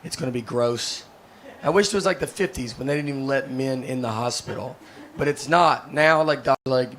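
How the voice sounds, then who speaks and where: Stand-up: middle-aged man, mid pitch, rambling deadpan storyteller, live stage recording with clear noise. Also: brisk. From United States. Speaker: stand-up comedian. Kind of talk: stand-up comedy set. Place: stage before a laughing audience.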